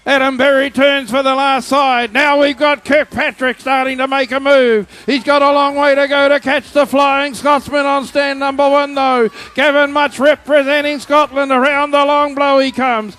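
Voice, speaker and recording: A man's voice: extremely high pitch, flat delivery, normal speed, hardly any pauses, a bit bright. A man commentating live at a shearing competition, following the race and urging the crowd to cheer. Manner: rousing, urges the crowd on.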